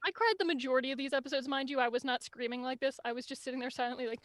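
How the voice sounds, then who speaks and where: A young woman co-hosting a podcast, talking in an excited, swearing way and acting out scenes as she goes. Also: high-pitched, racing, no room sound. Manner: excited, swearing, acts out scenes with quoted lines and laughs. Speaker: podcast co-host. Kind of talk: casual chat.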